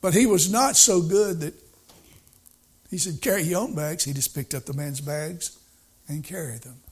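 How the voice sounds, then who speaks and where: Preacher guy telling stories in a sermon, kinda high voice, says things twice to hammer them home. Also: a little slow, slightly rough. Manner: folksy storytelling with emphatic repetition.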